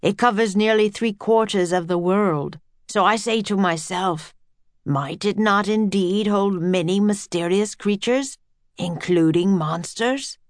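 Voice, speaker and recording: A woman's voice: mid-range voice, unhurried, no room sound, close to an everyday voice. A woman reading aloud, voicing an earnest, lecturing older male professor. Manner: grand, lecturing, addresses children as "my dear".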